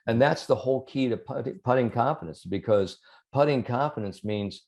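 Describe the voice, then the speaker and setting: A man being interviewed as a sports psychologist, talking in a relaxed conversational way and telling animated stories, with frequent "you know" fillers. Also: mid-range voice, moderate pace.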